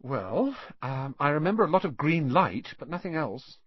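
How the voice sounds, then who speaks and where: Earnest young boy, read by a man, husky, raised pitch, lively, plain-spoken, curious, dull dry audio. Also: moderate pace, no echo. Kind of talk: audiobook character reading.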